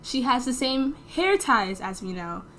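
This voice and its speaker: A woman's voice: sits high, big pitch swings, measured pace, a bit bright, slight background noise. A teenage girl telling a story in a casual vlog, chatty and full of "like" fillers, acting out the dialogue as she goes. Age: teens. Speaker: storytime vlogger.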